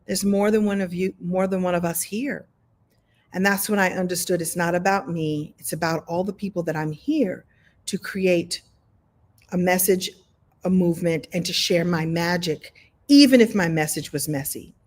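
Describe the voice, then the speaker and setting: Lively woman coaching a live workshop. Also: fairly low pitch, moderate pace. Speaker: story coach. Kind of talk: live online workshop talk. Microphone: video call.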